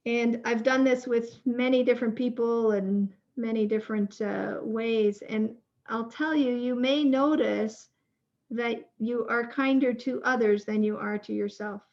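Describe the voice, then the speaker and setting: Woman workshop leader, raised pitch, soft guided prompting, dull lo-fi recording. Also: steady tone. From Canada. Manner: slow, gentle prompting with pauses. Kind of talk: guided reflection exercise.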